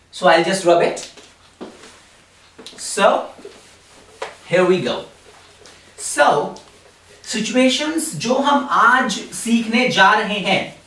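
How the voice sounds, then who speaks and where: An Indian man, a communication skills trainer, teaching English pronunciation in class, repeating each word slowly several times and switching quickly into Hindi to explain. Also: sits high, fairly bright tone. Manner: slow, drills words over and over, switches fast into Hindi. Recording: roomy, voice from a distance.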